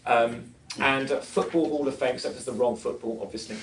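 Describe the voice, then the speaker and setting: Picked up by a distant mic with faint background noise in an echoey room, a man speaks fairly quickly in a mid-range, fairly even voice. He's giving a preaching talk at a conference, sharing self-deprecating stories and putting questions to the live audience.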